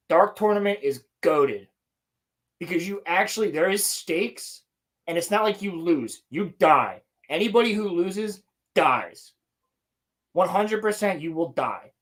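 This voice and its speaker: A young man co-hosting a casual podcast, talking about anime in an excited, rambling, slang-heavy way. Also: high-pitched. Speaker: podcast co-host. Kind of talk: casual chat.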